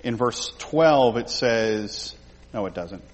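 A man's voice: mid-range voice, lively intonation, slow, long reverb tail. A man teaching a Bible study, talking the group through a passage and acting out the quoted lines in character.

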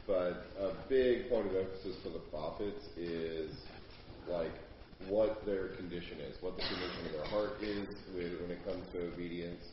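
Deep-voiced man, distant and echoey. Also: moderate pace. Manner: thoughtful, talking with "like" and "you know". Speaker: class member. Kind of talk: answering in class discussion. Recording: distant, very echoey and muffled, faint room noise.

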